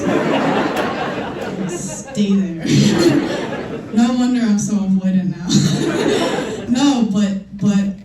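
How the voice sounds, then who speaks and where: A young woman performing a stand-up comedy set, telling self-mocking stories in a loose, conversational way. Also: mid-range voice. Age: young adult. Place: live comedy show in a room. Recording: echoey room, mic far off, noisy.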